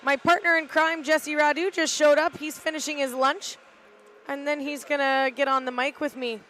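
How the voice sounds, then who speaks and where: A middle-aged woman, a team parent volunteering as play-by-play commentator, calls an amateur game from an arena balcony above an ice rink. Her high voice is unhurried, relaxed and chatty, hesitant with fillers, over a faint arena hum.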